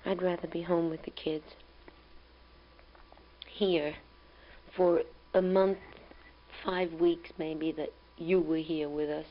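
A young woman with a low voice talks calmly and tenderly into a home tape recorder, rambling through family news as a spoken letter. The old tape sounds dull and carries a faint hum. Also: slow, pauses often. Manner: calm, tender, rambling and reflective.

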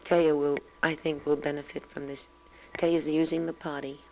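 Young mother, low voice, calm and tender, reflective spoken letter on a muffled home tape with a faint hum. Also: moderate pace. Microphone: home tape recorder.

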